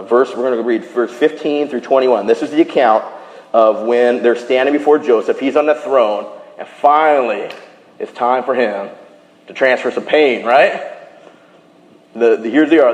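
A man preaching a sermon, retelling a scripture story in animated style and dropping to a hushed voice for quoted lines. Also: mid-range voice. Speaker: pastor. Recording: echoey hall.

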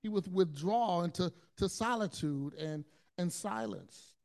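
High-voiced man preaching earnestly. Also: very animated, measured pace. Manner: earnest storytelling with frequent repeated words and restarts; swings between hushed low passages and loud, intense ones. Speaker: pastor. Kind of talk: sermon.

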